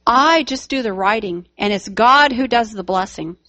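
A woman's voice: a little high, animated, moderate pace, bright, forceful tone, no echo. A woman voicing a joyful humble young man. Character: joyful humble young male tract writer.

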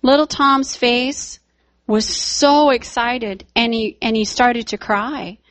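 A woman teaching children at church tells a Bible story and gently talks to the kids. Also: on the high side, takes it slowly.

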